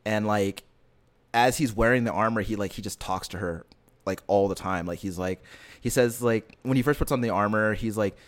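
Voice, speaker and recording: Rambling, earnest man with a lowish voice. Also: moderate pace. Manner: rambling, filler-heavy retelling with many restarts; earnest and emotionally invested. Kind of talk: casual chat.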